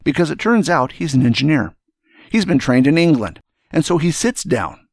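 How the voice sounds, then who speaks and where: A man's voice: fairly high pitch, big pitch swings, normal speed, vocal fry, dry recording, studio quality. An older man, a retired general, telling a story and giving earnest, emphatic advice in a speech to young students.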